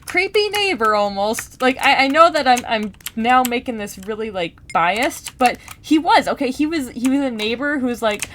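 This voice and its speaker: Rambling woman vlogger, chatty and animated. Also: on the high side, normal speed, few pauses, a little hiss or hum. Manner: rambling, animated, lots of fillers and repeats; gaming while talking. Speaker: book vlogger. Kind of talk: casual chat.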